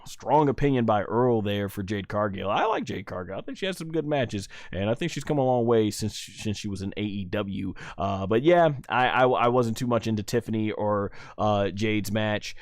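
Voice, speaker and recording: A man's voice: lowish voice, expressive, normal speed, few pauses, no room sound, clean studio sound. A man hosting a live stream, rambling and thinking aloud as he reads viewers' chat messages and answers them. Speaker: wrestling show reviewer and live streamer.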